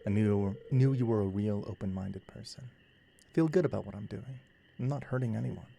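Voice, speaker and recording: Man reading a soft-spoken, humble game character, earnest, low gravelly tone. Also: normal speed, a little hiss or hum. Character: gentle humble man living in the wild.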